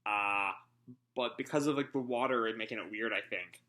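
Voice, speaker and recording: Male reaction host, bright voice, loose rambling commentary with fillers and swearing. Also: lowish voice, normal speed. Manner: rambling with many ums and uhs; swears casually. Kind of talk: casual live reading and commentary.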